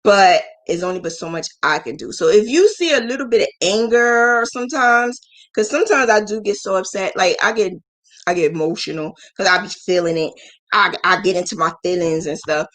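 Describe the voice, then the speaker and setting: A woman hosting a live business mentoring stream, frank and emotional, acting out quoted voices with big jumps in pitch. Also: a little fast, fairly bright tone. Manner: frank, emotional, scolding yet affectionate. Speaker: business mentor and crochet channel host.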